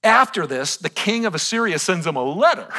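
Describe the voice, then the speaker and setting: A man preaches to his congregation with a bright, forward voice. His pitch climbs and dips a lot, dropping to a near hush and then jumping up loud and excited. The delivery is an animated sermon. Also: normal speed. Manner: animated, swings from soft and hushed to loud and excited. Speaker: pastor.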